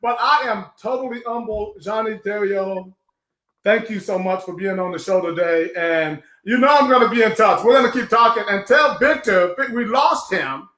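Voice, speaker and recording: Effusive, high-voiced male show host. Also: animated, normal speed, hardly any pauses, echoey room. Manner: effusive, emotional, loud exclamations. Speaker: host of a live online show. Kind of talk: emotional live show chat.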